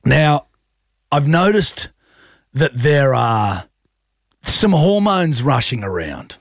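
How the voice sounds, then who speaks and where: Animated man on the radio. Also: medium pitch, takes it slowly, no echo, clean studio sound. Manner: storytelling, animated and self-mocking. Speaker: radio host. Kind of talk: casual radio banter. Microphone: studio microphone.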